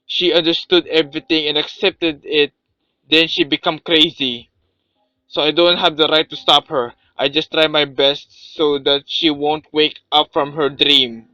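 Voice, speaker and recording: A man voicing a calm, grave male servant who speaks in low, measured tones. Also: no room sound, dull audio. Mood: solemn.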